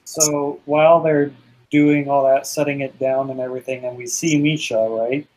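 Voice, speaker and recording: A man's voice: mid-range voice, level tone, moderate pace, a little mellow, poor audio. Male player at the table, casual, quizzes the game master on rules. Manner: asks pointed rules questions.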